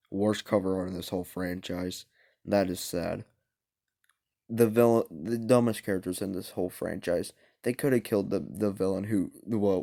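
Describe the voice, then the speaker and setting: A young man ranking horror movies in a hushed, casual voice at home at night, blunt and opinionated, keeping quiet so he won't wake his parents. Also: deep voice, vocal fry. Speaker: vlogger reviewing movies.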